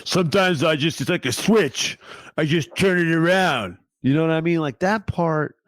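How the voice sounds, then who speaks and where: A man co-hosting a casual comedy podcast, profane and deadpan, with mock-serious asides. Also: a little high, moderate pace, no echo, studio quality. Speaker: podcast co-host.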